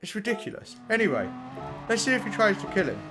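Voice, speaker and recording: A man's voice: high voice, sing-song, quick pace, music in the background. A man streaming sim racing, blunt and sweary as he talks through race replays and chats with his viewers. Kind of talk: live commentary on race replays.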